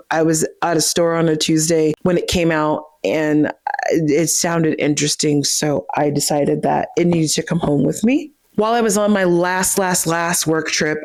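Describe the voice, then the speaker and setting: A woman with a somewhat low voice chats casually to camera about her books. She is animated and quick to poke fun at herself. The sound is close and dry, with no room echo. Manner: chatty, animated, self-deprecating. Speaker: book vlogger. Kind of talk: casual book haul chat.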